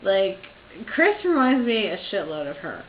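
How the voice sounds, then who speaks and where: A woman casually telling stories in a video chat, acting out quotes loudly. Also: mid-range voice, moderate pace. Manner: animated, acts out quotes loudly. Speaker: vlogger. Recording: echoey room, dull lo-fi sound, faint noise.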